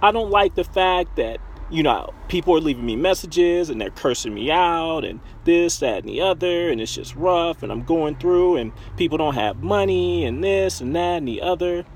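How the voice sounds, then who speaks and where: A man doing a higher voiced frustrated woman. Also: lively intonation, moderate pace, few pauses, a little hiss or hum. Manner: complaining in a rush, run-on lists. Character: frustrated woman network marketer, venting.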